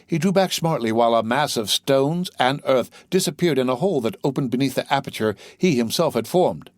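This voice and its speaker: A man's voice: medium pitch, expressive, brisk, no room sound. Male audiobook narrator, dry sound.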